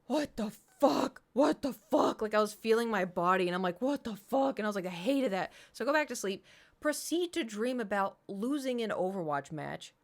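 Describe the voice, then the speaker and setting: A young adult woman streamer telling a long story in casual chat, rambling with lots of fillers and swearing. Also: mid-range voice.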